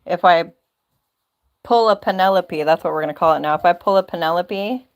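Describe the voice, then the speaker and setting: A woman's voice: lowish voice, a little fast, poor audio. A woman hosting a casual livestream, chatty and rambling, laughing often, talking into a phone or laptop mic. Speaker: livestream host.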